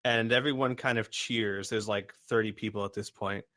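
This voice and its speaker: A man's voice: on the low side, fairly even intonation, normal speed, sharp tone, no echo, studio quality. A man narrating as game master in a casual, chatty way, with fillers and laughter.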